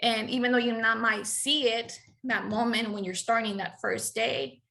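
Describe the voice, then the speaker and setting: A woman guest on a podcast, telling a personal story in a lively, chatty way and often laughing. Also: on the high side, normal speed, creaky. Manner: lively, laughs often, acts out quoted dialogue. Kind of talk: casual storytelling.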